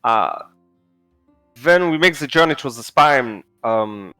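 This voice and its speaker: A man voicing a fussy male wagon master with a German accent, halting and full of ums, in a tabletop game. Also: mid-range voice, lively intonation, sharp tone, clear, resonant tone, dry recording, soft background music, low-quality recording. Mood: apologetic. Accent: German put-on accent. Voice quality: halting, many ums and uhs.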